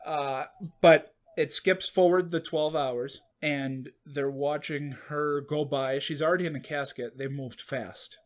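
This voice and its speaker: A man's voice: a little high, fairly even intonation, unhurried. A man co-hosting a casual podcast with dry, wry asides. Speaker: podcast co-host. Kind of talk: casual chat.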